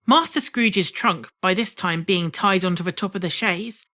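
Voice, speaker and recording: A woman's voice: lowish voice, moderate pace, pushed and bright. Woman reading a classic novel aloud. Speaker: audiobook reader. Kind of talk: scripted narration of a classic novel.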